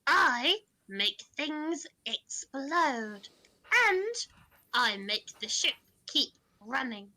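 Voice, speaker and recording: A woman voicing a blunt masked male tinkerer in a tabletop game, slow and deadpan. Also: high voice, full character voice.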